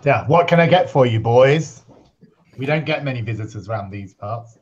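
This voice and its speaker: A man's voice: mid-range voice, lively intonation, normal speed, natural voice. A man voicing a grumpy old village barman with rotting teeth, greeting newcomers in a plain voice with no accent. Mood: gruff welcome. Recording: dull lo-fi call audio.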